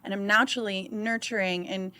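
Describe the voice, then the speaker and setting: A woman hosting a podcast, listening closely and reflecting her guest's ideas back in a calm conversational way. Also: mid-range voice, brisk, clean tone. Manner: attentive, frequent soft affirmations, reflective summaries. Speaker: podcast host. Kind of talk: casual conversational interview.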